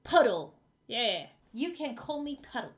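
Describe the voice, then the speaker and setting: A woman's voice: a little high, very animated, measured pace. A woman voicing a forgetful, eccentric old male guide in a put-on German accent. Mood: hesitant. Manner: rambling, forgetful, odd.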